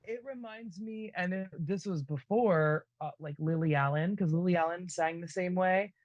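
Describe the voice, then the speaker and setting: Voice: medium pitch, normal speed, dry recording, lo-fi sound. A podcast co-host in casual chat, rambling and enthusiastic with many restarts.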